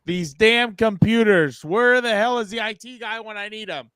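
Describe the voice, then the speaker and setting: A man co-hosting a casual sports podcast over a video call, loud, profane and fired up. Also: high-pitched, normal speed, clear, resonant tone, dry recording, studio quality. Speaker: podcast co-host.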